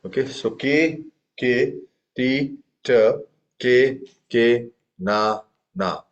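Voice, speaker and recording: Tabla teacher coaching a class. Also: male voice, mid-range voice, drawn-out words, dull audio. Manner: counts beats and recites syllables, coaching students. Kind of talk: group music lesson.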